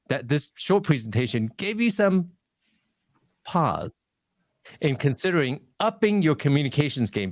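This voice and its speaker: A man's emphatic, coaching voice, full of lively pitch changes, comes through clean studio sound with no echo. He is a guest presenter giving a webinar on public speaking.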